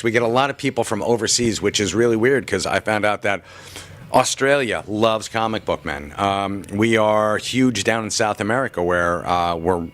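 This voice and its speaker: A man's voice: on the low side, fairly bright tone. A man working in a comic shop, answering interview questions in a chatty, joking way, with frequent restarts. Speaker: comic shop worker and podcaster.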